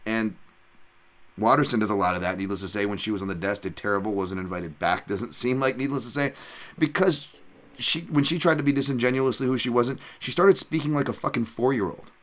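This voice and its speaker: A man's voice: mid-range voice, brisk, fairly bright tone. A man from Hawaii hosting a podcast, talking in a blunt, profane, rambling way with many restarts. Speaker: podcast host. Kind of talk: casual podcast chat.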